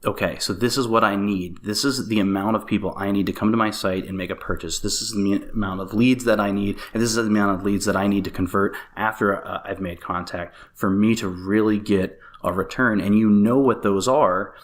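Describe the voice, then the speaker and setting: A man talking as a guest on a business podcast, animated and casual, with many fillers and restarts. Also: on the low side, fairly quick, hardly any pauses. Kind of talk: casual interview chat.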